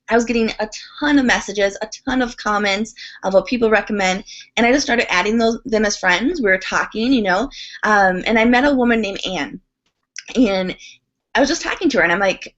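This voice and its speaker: Woman, high voice, chatty, animated, dull lo-fi recording. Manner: chatty, animated, quick asides with laughs. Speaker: guest. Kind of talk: podcast interview, telling a story. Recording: dull lo-fi sound.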